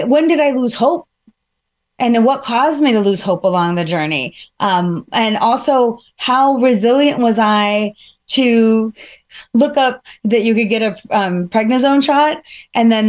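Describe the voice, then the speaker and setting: High-voiced woman reflecting earnestly. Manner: earnest, self-questioning, frequent "like". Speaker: keynote speaker. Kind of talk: reflective personal talk.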